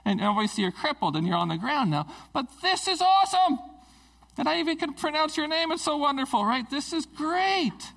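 A man doing an overjoyed generous old king, high and loud. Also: expressive, fast talker, gravelly, hardly any pauses, exaggerated voice, rough recording.

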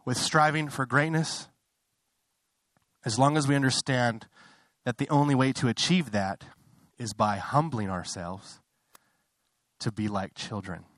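A man's voice: a little slow, pauses often, fairly bright tone, dry recording. Young guy pastor preaching, chatty then fired up, dry close sound. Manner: conversational, building to impassioned high-pitched fervor; self-interrupting, apologetic asides. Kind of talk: sermon.

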